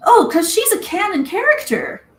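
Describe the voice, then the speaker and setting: A woman's voice: very high-pitched, sing-song, normal speed, far from the mic, crowd noise. A woman co-hosting a casual chat, sometimes cooing at her pet chinchilla. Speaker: podcast co-host. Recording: roomy, from off-mic.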